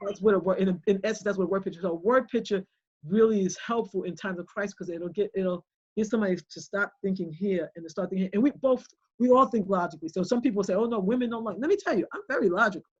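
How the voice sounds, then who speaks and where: A middle-aged woman, a homeschooling mother and guest speaker, telling stories in a rambling, animated way with many restarts. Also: mid-range voice, fast, husky, dull audio. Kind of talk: conversational livestream talk.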